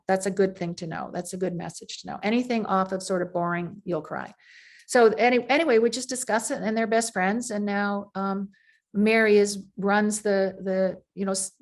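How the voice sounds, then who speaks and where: A woman surgeon, interviewed as a guest, telling workplace anecdotes in a loose, conversational way, full of fillers and restarts. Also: medium pitch. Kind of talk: conversational storytelling.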